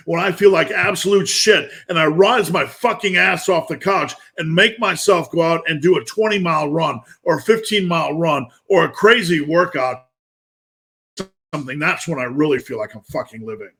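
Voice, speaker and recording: Fifties guy ranting motivation, swears a ton, blunt and intense, bit higher voice. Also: gravelly, pushed and bright. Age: 50s. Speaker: motivational speaker. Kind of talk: profane motivational rant.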